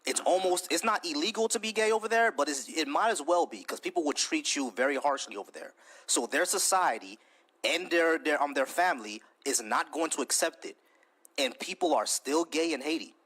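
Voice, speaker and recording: A man hosting a live online debate, cutting in, repeating words in quick bursts and swearing freely. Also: a little high, lively intonation, a bit bright, husky. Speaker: debate stream host.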